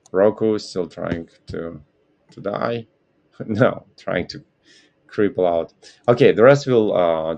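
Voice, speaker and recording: Male host, very low and gravelly, slow rambling live commentary, keeps correcting himself. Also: darkish tone. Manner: rambling, self-correcting, apologetic. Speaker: trading stream host. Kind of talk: casual live market commentary.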